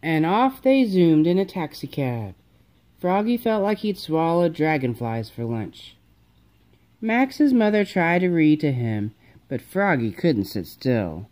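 A woman reading a children's picture book aloud, slow and expressive. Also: sits low. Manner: lively, slow and expressive, doing character voices. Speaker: storybook reader. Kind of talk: children's storybook read-aloud.

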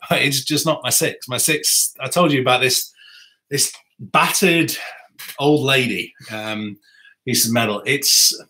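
A man's voice: medium pitch, slow pace, sharp tone, a little hiss or hum. A man hosting a rambling live stream, chatting and answering viewer comments. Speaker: saxophonist and YouTuber host. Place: home music room.

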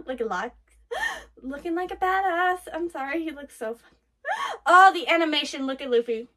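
A woman hosting an anime reaction, talking excitedly over what she watches, gasping, laughing and swearing. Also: very high voice, normal speed, long pauses. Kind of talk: live reaction commentary.

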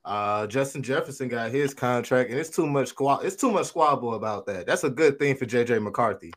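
A man's voice: mid-range voice, lively intonation, brisk. A man co-hosting a sports podcast in casual chat, often correcting himself mid-sentence. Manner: self-correcting, conversational. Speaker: podcast co-host.

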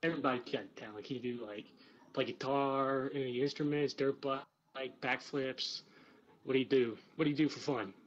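A man's voice: mid-range voice, fairly even intonation, normal speed. A young man vlogging, chatting casually and joking with a stranger over video chat. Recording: dull lo-fi video chat audio.

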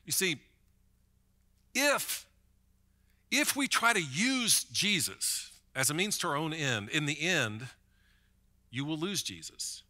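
Bright-toned pastor preaching conversationally. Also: male voice, a little high, big pitch swings, slow, long pauses. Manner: conversational preaching, repeats words when starting a thought. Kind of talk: sermon.

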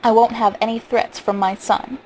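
A woman's voice: a little high, level tone, normal speed, a little mellow, a little hiss or hum, lightly acted, low-quality recording. A woman reading as a brooding, exasperated father. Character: stern worried father of two.

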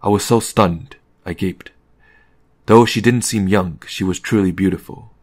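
A man reading a novel aloud as an audiobook in a calm, measured narration. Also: low-pitched. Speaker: audiobook reader.

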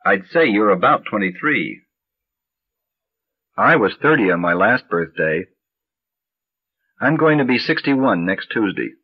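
A man reading English practice phrases slowly and clearly for learners, on a dull lo-fi vintage recording. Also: on the low side, very animated. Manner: measured, carefully enunciated drill reading. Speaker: language teacher.

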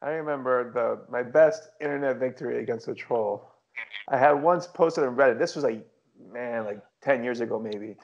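A man's voice: mid-range voice, normal speed. A man co-hosting a casual podcast chat, telling stories in a wry, amused way. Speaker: podcast co-host. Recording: slightly dull sound.

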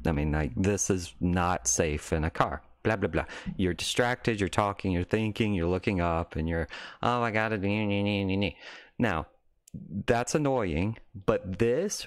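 A man's voice: on the low side, no room sound. A man hosting a casual live stream, talking in a rambling, self-interrupting way that breaks into mocking rants.

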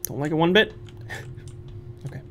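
On a studio microphone, a young man with a slightly high, expressive, fairly bright voice plays a horror game for his channel at a moderate pace. As a let's play streamer, he nervously talks to himself and erupts into squeals and laughter.

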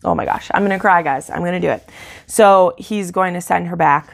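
A woman's voice: fairly low pitch, a little fast, vocal fry. A woman book YouTuber chatting casually and emotionally about a novel, rambling with plenty of fillers. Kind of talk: casual book review chat.

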